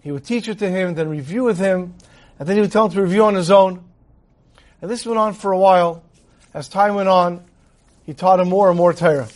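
High-voiced man telling a Torah story. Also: a little fast. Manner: animated storyteller who acts out dialogue. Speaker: rabbi teaching.

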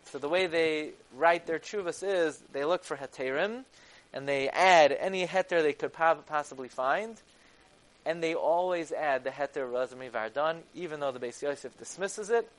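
A man giving a text-study lecture. He reads Hebrew sources and explains them in English, growing loud and emphatic at key points. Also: a little high, normal speed. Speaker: Torah lecturer.

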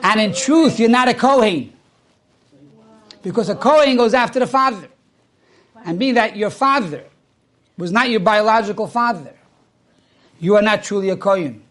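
An older mother patiently explains a long-kept family secret to her grown son, as a man retells her words. The voice stays fairly high and plain, with no real put-on quality. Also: normal speed, long pauses, fairly bright tone. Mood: explaining.

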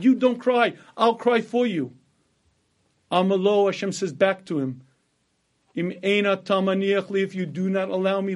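A man with a fairly high voice gives a slow, deliberate sermon that retells a Midrash. He quotes each Hebrew line and then translates it, pausing often to clear his throat. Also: darkish tone. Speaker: Torah teacher.

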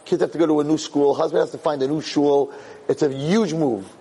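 A middle-aged man, a rabbi, giving a Torah class as an animated storyteller who repeats words as he restarts his sentences. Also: a little high, brisk, husky.

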